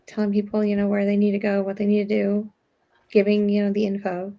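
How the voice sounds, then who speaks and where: A woman's voice: mid-range voice, monotone, quick pace, mellow. A woman in casual chat, asking hesitant, rambling questions with many fillers.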